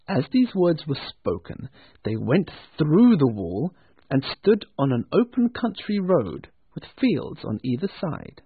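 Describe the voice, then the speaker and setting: A man narrating a storybook with an expressive, lingering delivery. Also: a little high, a little slow, slightly rough, no room sound. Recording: tinny phone-like dry sound.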